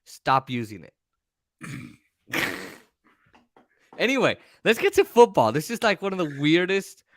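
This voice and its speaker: A man co-hosting a podcast, telling stories in a casual, profane, animated way. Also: sits high, unhurried, dry recording. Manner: animated, profane, acts out voices. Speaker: podcast co-host. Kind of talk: casual storytelling chat.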